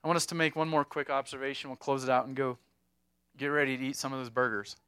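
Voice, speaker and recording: A man preaching a sermon as pastor, talking emphatically and swinging between loud exhortation and hushed, quiet passages. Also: medium pitch, steady tone, fast talker, clear, resonant tone, no echo, clean studio sound.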